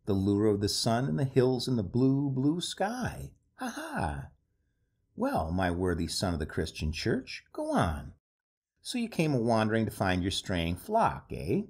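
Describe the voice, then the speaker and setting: A man voicing a teasing, amused young male nature god in a storybook reading, with a husky, lively delivery. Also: lowish voice, unhurried, full character voice. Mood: gleeful. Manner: amused, gleeful, insolent.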